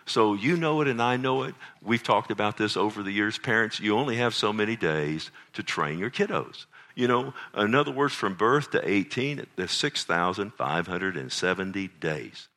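A middle-aged man preaching a sermon, animated, full of rhetorical questions. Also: on the low side, moderate pace, few pauses. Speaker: pastor. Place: church sanctuary.

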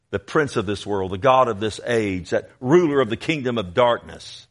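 A male preacher delivering a verse-by-verse sermon. He speaks straight to his listeners, and his voice swells into loud, emphatic exhortation. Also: medium pitch, animated, normal speed, few pauses. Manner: addresses listeners directly. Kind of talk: expository sermon.

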